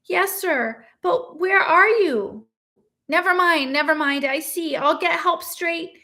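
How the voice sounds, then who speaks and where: A woman's voice: very high voice, slow pace, sharp tone, voice pushed up, heavily acted. A woman voicing an arrogant young male student who speaks formally and anxiously.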